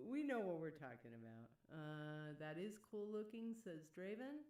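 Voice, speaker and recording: A woman's voice: lowish voice, lively intonation, normal speed, few pauses, a little mellow, echoey room, recorded from a distance. A woman chatting casually on a live stream, reading chat messages aloud and laughing often.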